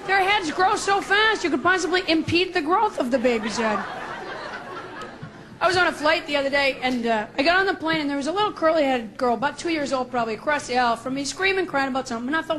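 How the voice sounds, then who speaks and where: Chatty high-voiced female stand-up comic. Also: fast, fairly bright tone, some chatter behind. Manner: chatty, conversational, sarcastic asides. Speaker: stand-up comedian. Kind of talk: stand-up routine. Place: comedy club stage. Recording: noisy club recording with audience.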